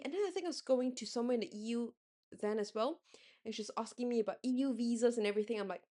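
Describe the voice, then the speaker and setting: A woman's voice: fairly high pitch, fast talker, mellow. A young woman from Singapore rambling in a casual late-night vlog, correcting herself often and laughing as she talks. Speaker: vlogger.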